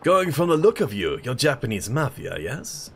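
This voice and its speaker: A man's voice: medium pitch, big pitch swings, normal speed, a little hiss or hum, pitched above the performer's own voice. A man voicing an older male street brawler mentor with a put-on French accent, talking in a grandiose, lecturing way.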